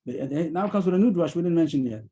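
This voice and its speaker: Fast-talking man teaching a Talmud class. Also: fairly high pitch, animated, warm tone, slightly rough, low-quality recording. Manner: rapid explaining, mixing in Aramaic terms. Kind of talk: daily Talmud class explanation. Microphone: video call.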